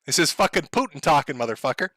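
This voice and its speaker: A man's voice: on the high side, animated, quick pace, a bit bright, no room sound. A man playing an older male world leader in a blustering, profane tirade. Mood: defiant, furious.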